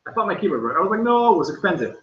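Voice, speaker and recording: A man's voice: big pitch swings, racing, a bit bright, slight background noise. A young man with a Dutch accent, chatting casually and laughing as he hosts a livestream and reads the chat aloud. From Netherlands. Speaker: vlogger hosting a livestream. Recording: echoey room, dull low-fi sound.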